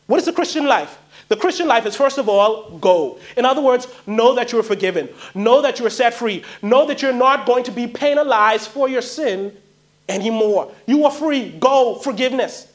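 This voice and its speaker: Guy preaching, high voice, pleads and repeats stuff for emphasis. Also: expressive, moderate pace. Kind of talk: sermon.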